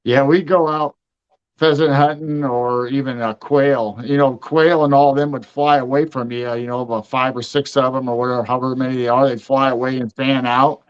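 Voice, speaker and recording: A man's voice: medium pitch, steady tone, moderate pace, smooth. A man co-hosting a casual chat, folksy and plain-spoken. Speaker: co-host. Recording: dull lo-fi sound.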